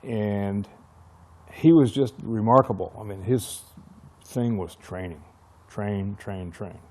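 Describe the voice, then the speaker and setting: A man's voice: lowish voice, slow, mellow. An older man, a retired fire chief, telling stories from his career in an oral history interview and acting out the dialogue he remembers. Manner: reminiscing storyteller who acts out remembered dialogue.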